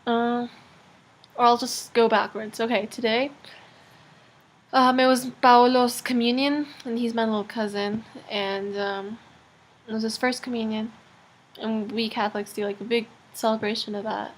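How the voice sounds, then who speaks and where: A woman's voice: on the high side, fairly even intonation, moderate pace. A teenage girl rambling through a casual video diary, chatty and full of fillers. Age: teens. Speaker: vlogger.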